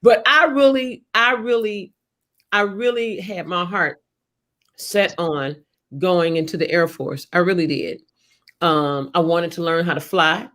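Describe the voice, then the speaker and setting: A woman hosting a casual talk show, telling a story in an animated way and laughing often. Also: lowish voice, unhurried. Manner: animated, shouts when quoting people, laughs often. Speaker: host.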